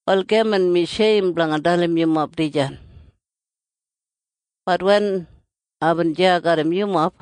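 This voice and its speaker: A reader with an Australian Kriol accent gives a steady, earnest scripture reading. The pitch sits in a middle register, and the recording is close and dry, with no room sound around it. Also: no echo.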